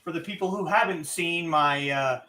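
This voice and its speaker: A man's voice: fairly high pitch, moderate pace, bright, forceful tone. A middle-aged man casually bantering with his chat while livestreaming a game. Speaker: livestream gamer.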